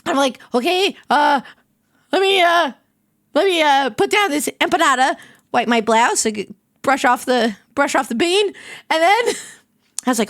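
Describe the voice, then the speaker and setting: High-voiced woman streamer telling a story. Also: moderate pace, no echo, clean studio sound. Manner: animated anecdote telling with acted-out quotes. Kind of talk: casual storytelling to stream chat.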